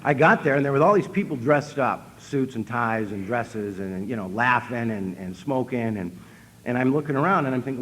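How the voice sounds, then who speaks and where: Deadpan storytelling man at a podium. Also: medium pitch, moderate pace, slight background noise. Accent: Upper Midwest American. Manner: storytelling, deadpan self-mocking, acts out quotes. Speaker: speaker at an AA convention. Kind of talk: humorous recovery talk. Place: convention hall stage.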